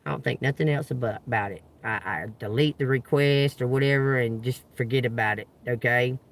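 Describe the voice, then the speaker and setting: A man hosting a live stream, telling a story to viewers in a profane, animated way and acting out the voices. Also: medium pitch, fairly quick. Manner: animated, profane, laughs often, acts out voices.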